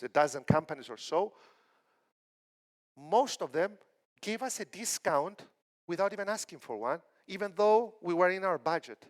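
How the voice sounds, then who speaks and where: A middle-aged man from Cyprus delivers a conference keynote in a fairly high voice. He talks in a lively storytelling way and acts out the lines of the people in his anecdotes. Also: moderate pace. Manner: animated storytelling with acted quotes. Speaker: keynote speaker.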